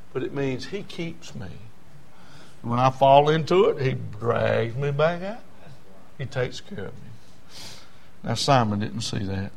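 Gravelly preacher man. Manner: swings from loud pleading to low hushed tones. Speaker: pastor. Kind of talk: sermon with personal testimony.

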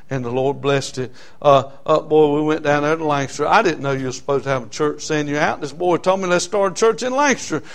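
A middle-aged man with a drawl preaches in a plain, folksy way. His voice sits a little high for a man, and he leans on "uh, uh" fillers between thoughts. He rises to loud emphasis on the points he wants to drive home. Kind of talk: sermon with personal stories.

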